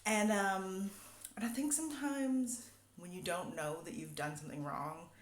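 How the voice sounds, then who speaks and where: A woman's voice: mid-range voice, measured pace, a little hiss or hum. Woman telling a rambling story. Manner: rambling, many fillers. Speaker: vlogger. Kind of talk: casual storytelling. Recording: echoey room.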